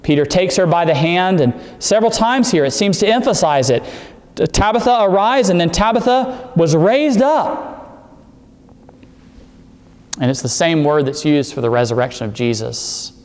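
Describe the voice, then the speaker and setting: Male pastor, a bit high-pitched, preaching in an echoing hall; builds emphasis. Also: expressive, normal speed, darkish tone. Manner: expository preaching, rising emphasis on key words. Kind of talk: sermon.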